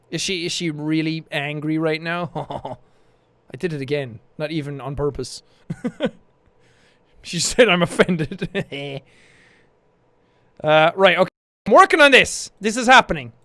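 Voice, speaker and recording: A man hosting a casual livestream, chatting in a jokey, excitable way, with bursts of shouting and laughter. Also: high voice, no echo. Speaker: livestream host. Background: faint background music.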